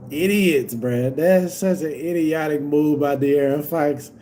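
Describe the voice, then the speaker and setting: A young man reacting live to a basketball game, yelling at the players and swearing, moving from low grumbling to loud outbursts. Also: slow, slight background noise. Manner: yells at the players, profane and exasperated; swings from low muttering to loud shouts.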